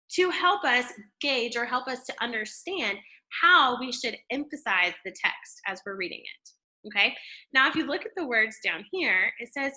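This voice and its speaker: A woman teaching a classroom reading lesson. She explains step by step, checks in often with the class, and uses an expressive tone to show how to read. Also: fairly high pitch. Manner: explanatory, checks in with "okay?" and "right?"; expressive, shifts tone to model reading.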